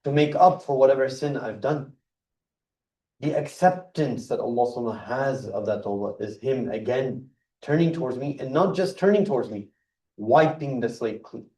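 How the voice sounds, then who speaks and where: An earnest man gives a religious talk in a mosque hall, and his voice sounds dark and mellow. He explains things word by word and presses each point with emphasis. The sound is echoey and picked up from a distance. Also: mid-range voice, normal speed. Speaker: speaker at a mosque gathering.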